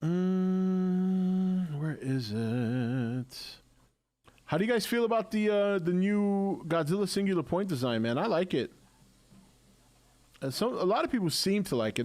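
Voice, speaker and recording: A man's voice: fairly high pitch, lively intonation, normal speed, a little mellow. A middle-aged man hosting a casual live stream, chatty and laughing often, with many restarts.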